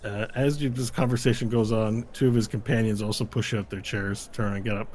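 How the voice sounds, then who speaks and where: A man's voice: fairly low pitch, fairly even intonation, a little fast, few pauses, darkish tone. A man narrating a tabletop game as game master, casual and rambling, laughing often.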